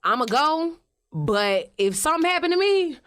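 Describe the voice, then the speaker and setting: A woman with an Atlanta accent, an interview guest telling stories in animated, profane, slangy casual talk. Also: high-pitched, normal speed, noisy background. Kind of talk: casual storytelling.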